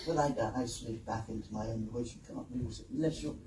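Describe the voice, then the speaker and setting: An older woman with a London Kensington accent telling anecdotes on a convention panel, laughing often and acting out what people said. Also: a bass voice. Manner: lively storyteller, laughs often, acts out quotes. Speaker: panel guest, actor. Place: convention hall. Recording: roomy hall, distant mic, noisy.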